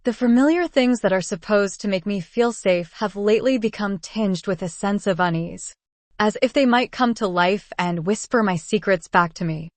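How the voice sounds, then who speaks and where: A woman giving a steady, measured first-person narration of a story as an audiobook narrator. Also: medium pitch, no echo.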